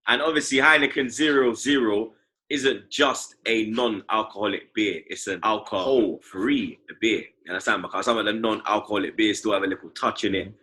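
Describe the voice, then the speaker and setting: A young London man hosts a relaxed football podcast, his forceful, very bright voice sitting on the low side. He talks in loose slangy banter and keeps tagging his lines with "blood" and "you get me". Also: moderate pace, poor audio. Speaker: podcast host. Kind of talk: casual football podcast chat.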